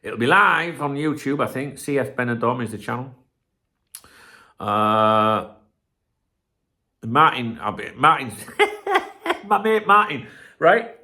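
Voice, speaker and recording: Middle-aged bloke, channel host, chatty and sweary, voice swings up and down a lot. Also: male voice, mid-range voice, expressive, takes it slowly, long pauses, sharp tone. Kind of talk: casual chat.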